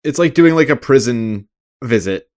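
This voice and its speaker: A man co-hosting a casual podcast, animated and laughing as he riffs on favourite moments. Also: medium pitch, normal speed. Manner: animated, laughs while quoting lines. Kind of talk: casual chat.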